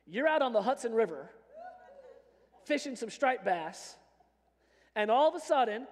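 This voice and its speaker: High-voiced joking pastor in a reverberant hall. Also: male voice, a little slow. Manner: animated, joking, conversational preaching. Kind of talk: sermon. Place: church sanctuary. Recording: long reverb of a church hall.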